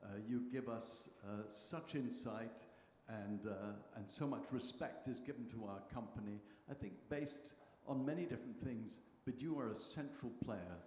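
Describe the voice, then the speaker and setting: A man in the audience giving a heartfelt, halting tribute with many restarts. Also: medium pitch, a little mellow. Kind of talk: spontaneous tribute speech. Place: large hall with audience. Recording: echoey hall, faint room noise.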